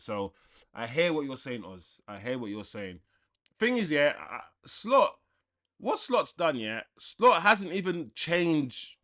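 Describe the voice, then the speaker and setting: A man's voice: medium pitch, fairly bright tone. Casual man hosting a football watchalong. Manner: casual, opinionated, reads out chat and talks back. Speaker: watchalong host. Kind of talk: live football watchalong chat.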